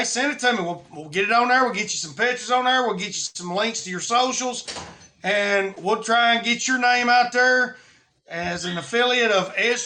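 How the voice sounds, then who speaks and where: A man's voice: high voice, bright, forceful tone. A man hosting a live stream in casual, rambling chat, with many fillers and restarts.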